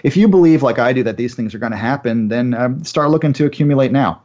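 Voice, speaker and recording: A man's voice: mid-range voice, lively intonation, fast talker, a little mellow, muffled recording. A man as a guest analyst on a finance radio show, talking in a chatty way with many uh fillers and giving confident opinions.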